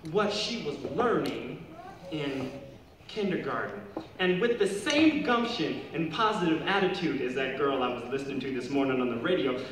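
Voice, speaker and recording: A middle-aged man gives a humorous speech to a school crowd, jumping up into a high, lively register whenever he stresses a point. His voice reaches the mic from a distance. It rings through a large hall with a long tail and steady room noise behind it. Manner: playful and animated, rising high for emphasis. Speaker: speaker addressing students.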